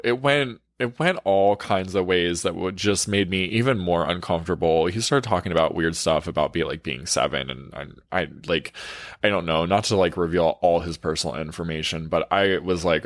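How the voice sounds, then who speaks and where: A man's voice: sits low, normal speed, no room sound, clean studio sound. A man, a relationship coach, telling a frank, profane story in a casual storytime, full of "like" fillers.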